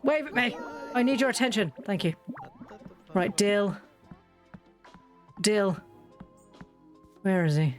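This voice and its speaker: A woman's voice: mid-range voice, lively intonation, takes it slowly, pauses often, faint music behind. A woman hosting a casual game video, chatty and teasing, scolding the characters she plays with. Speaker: gaming video host. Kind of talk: casual let's-play chat.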